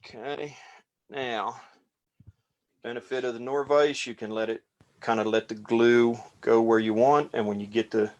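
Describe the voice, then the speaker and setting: A man casually talking through a fly tying demonstration as he works, relaxed and rambling. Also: medium pitch, unhurried. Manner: relaxed, rambling, talks while working.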